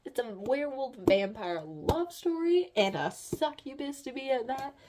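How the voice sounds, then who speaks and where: A woman's voice: high-pitched, sing-song, moderate pace, background noise. A woman recapping a book in a casual, rambling way, with many fillers and giggles. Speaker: book reviewer.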